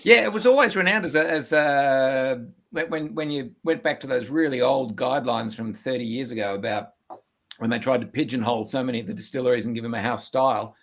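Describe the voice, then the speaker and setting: A husky-voiced man talks whisky with enthusiasm on a video call. He often repeats words as he restarts his sentences, and his voice sits at an everyday middle pitch. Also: brisk, fairly bright tone. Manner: chatty, enthusiastic, stammering restarts. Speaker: whisky tasting co-host. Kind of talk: casual online tasting chat.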